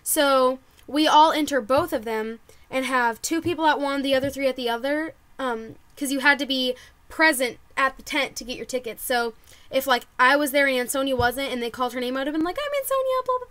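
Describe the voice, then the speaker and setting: Young girl vlogger with a high voice, chatty and excited, says like a lot. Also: brisk. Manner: bubbly, excitable, lots of "like" and quoted reactions. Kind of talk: casual storytelling to camera.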